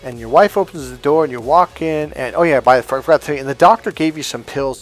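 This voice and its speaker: A middle-aged man teaching dating advice in a casual, blunt way, swearing often and telling animated stories. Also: medium pitch, quick pace, few pauses. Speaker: dating coach. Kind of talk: casual spoken lesson.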